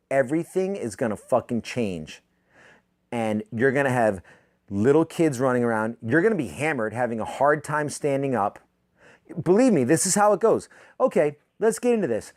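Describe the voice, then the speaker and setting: Man in his thirties, podcast host; sardonic profane rant, mid-pitched, spikes upward when heated, dry booth sound. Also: no room sound. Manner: profane, sardonic ranting with sudden loud pitch jumps. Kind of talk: comedic rant monologue.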